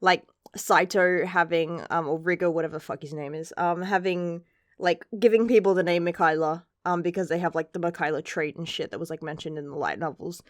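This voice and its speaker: A woman's voice: on the low side, fairly even intonation, a little fast, no echo, clean studio sound. A woman giving a casual chapter review in a chatty, rambling way, swearing now and then. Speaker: manga reviewer.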